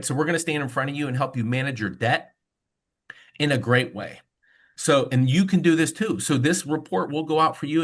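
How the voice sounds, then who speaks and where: A man's voice: a little high, a bit bright. A man who works as a mortgage loan officer, presenting on a video call webinar in a casual storytelling way with frequent fillers.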